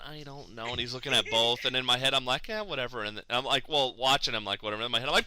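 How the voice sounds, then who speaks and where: A man casually telling a long comic story, acting out his own and other people's lines with big jumps in pitch, swearing freely and mocking himself. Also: fast. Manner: animated, acts out quotes with big pitch swings; profane, self-mocking.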